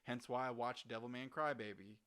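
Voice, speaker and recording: A man co-hosting a casual gaming podcast, excitable and rambling, swearing often. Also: medium pitch, brisk. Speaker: podcast co-host. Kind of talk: casual chat.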